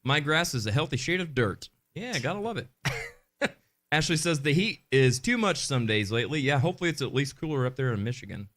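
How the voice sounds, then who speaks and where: A man's voice: mid-range voice, expressive, brisk, a bit bright. A man co-hosting a live podcast, chatting casually and reading viewer comments aloud in an upbeat way. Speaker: podcast co-host.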